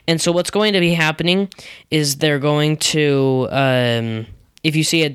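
A young man co-hosting a podcast in a relaxed, chatty way, his voice a touch high. The sound is smooth and clean, recorded close and dry with no room around it. He talks through news items like a regular of the show. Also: dry recording. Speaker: podcast co-host. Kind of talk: casual chat.

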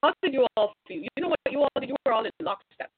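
Her voice is high, husky and expressive, moving at a quick clip with no echo around it. This female commentator addresses viewers directly in a fervent, sermonizing speech full of rhetorical questions. It sounds thin and tinny, as if over a phone.

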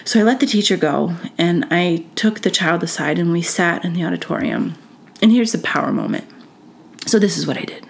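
A woman's voice: lowish voice, expressive, brisk, gravelly, slightly rough. A woman hosting a podcast, telling a school story in a chatty way, full of fillers, acting out what others said. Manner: chatty, full of "like" and "you know", acts out quoted voices. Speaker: podcast host. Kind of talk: storytelling monologue.

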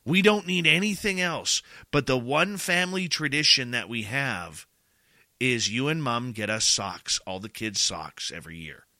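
A man's voice: mid-range voice, expressive, measured pace, pushed and bright, no room sound. A middle-aged man hosting a show, telling a rambling, emotional story in casual chat and often repeating himself.

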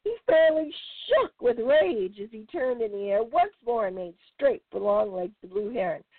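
A woman hosting a podcast, reading a children's animal story aloud in a lively, expressive way. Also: a little high, normal speed, dry recording. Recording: dry, tinny phone-like sound.

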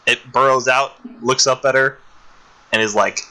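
Podcast co-host, male: very bright, tense tone, animated retelling, laughs a lot. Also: mid-range voice, moderate pace, rough recording. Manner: animated retelling, putting on little voices for characters; laughs often. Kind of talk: casual chat.

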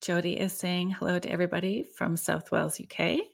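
A woman's voice: lowish voice, flat delivery, brisk, creaky. A woman in her forties hosting a show, reading viewer comments and telling a personal story in a casual, friendly way. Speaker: podcast host.

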